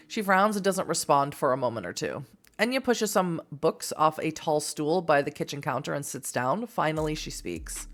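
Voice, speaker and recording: A woman from Massachusetts reads a text game aloud for her stream. She breaks off into giggly, self-deprecating asides to her chat. Her voice is low-set and swings widely in pitch. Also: lively intonation, normal speed, faint music behind. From Massachusetts, USA. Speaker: streamer reading an interactive novel.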